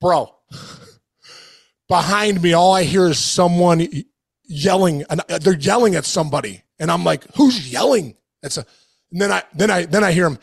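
Raspy high-voiced guy, middle-aged, rambling ballplayer story, says dude a lot. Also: normal speed. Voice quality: gravelly, animated, swears and says dude. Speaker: podcast co-host, former ballplayer. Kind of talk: casual storytelling.

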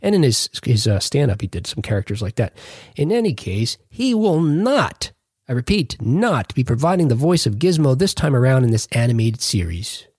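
A male podcast host with a husky, breathy edge to his voice and a pitch that swings up and down as he talks. He rambles through his points and stops often to correct himself, trading jokes in easy casual chat. The sound is dry and close, with no room around it. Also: big pitch swings, brisk, a little mellow, dry recording. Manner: rambling, self-correcting, jokey.

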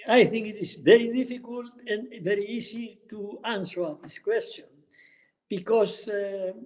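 A man in his nineties, answering interview questions haltingly with many hesitant fillers while he searches for words. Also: high-pitched, a little mellow, rough recording. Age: 90s. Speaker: guest hiker.

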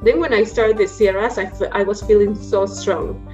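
Woman, guest; thoughtful and searching, mid pitch, dull lo-fi line. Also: fairly even intonation, moderate pace, dark tone, soft background music. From Mexico. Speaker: podcast guest. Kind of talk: casual interview.

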